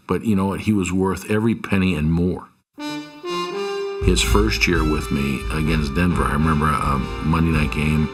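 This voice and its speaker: A man's voice: a bass voice, steady tone, moderate pace, soft background music. An older man, a former head coach, telling stories from his coaching years in a reflective, conversational interview. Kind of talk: interview recollection.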